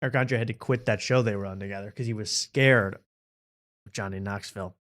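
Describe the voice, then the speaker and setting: A man hosting a comedy talk show, riffing in a sarcastic, fast-moving way. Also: on the low side, a bit bright.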